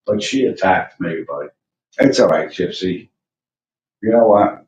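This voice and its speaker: A low-voiced man rambles through a livestream, venting and cursing between fillers. He sits back from the mic in a roomy space, and the sound is muffled and lo-fi with faint hiss. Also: animated, a little slow, darkish tone, recorded from a distance. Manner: rambling, venting rant with frequent profanity and fillers. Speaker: livestream host. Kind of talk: casual livestream chat.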